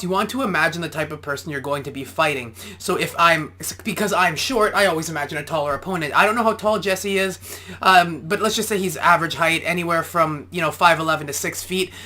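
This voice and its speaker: A man's voice: a little high, sharp tone. A man, an amateur boxer, giving casual reaction commentary and explaining boxing technique step by step.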